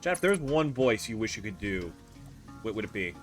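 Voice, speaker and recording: A man's voice: lowish voice, big pitch swings, normal speed. A man streaming a building game, muttering casual commentary with swearing and self-deprecating asides. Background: game music.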